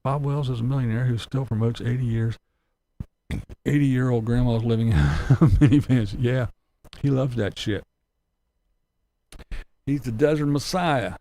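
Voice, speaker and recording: Gravelly, blunt-talking livestream host man. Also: medium pitch, moderate pace, long pauses, dark tone. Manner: blunt, ranting, profane, chuckling. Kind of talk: casual livestream chat, reading comments.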